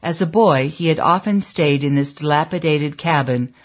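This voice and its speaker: Brief: measured, dramatic audiobook narrator, mid-pitched, muffled lo-fi recording.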